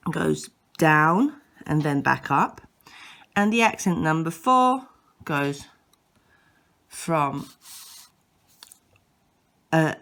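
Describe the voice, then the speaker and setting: Slow, low-voiced woman teaching patiently. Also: a bit bright. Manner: patient, repeats and demonstrates sounds, occasional self-corrections. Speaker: language teacher. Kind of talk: slow instructional explanation.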